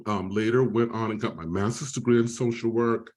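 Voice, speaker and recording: A man's voice: on the low side, fairly even intonation, a little fast, darkish tone. Emotional man sharing his story. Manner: emotional, tearful at moments, apologetic. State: close to tears. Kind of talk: presentation with personal testimony.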